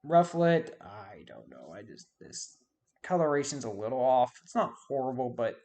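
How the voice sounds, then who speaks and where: Rambling man with a lively voice. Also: medium pitch, moderate pace. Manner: rambling, forgets names, self-deprecating asides. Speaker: YouTube host. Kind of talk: casual game commentary.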